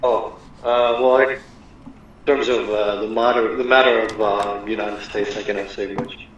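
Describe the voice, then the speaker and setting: Man caller, russian accent, halting word-searching, echoey, dull lo-fi sound. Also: fairly low pitch, fairly even intonation. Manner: halting, slow, searches for words. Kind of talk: casual call-in chat. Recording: very echoey, dull lo-fi, faint noise.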